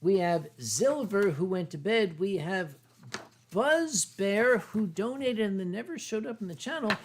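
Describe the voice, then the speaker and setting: A man's voice: high-pitched, expressive, a little slow, a little hiss or hum. An American man hosting a casual livestream, reading chat messages aloud with boisterous, swearing banter. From North Carolina. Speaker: stream host.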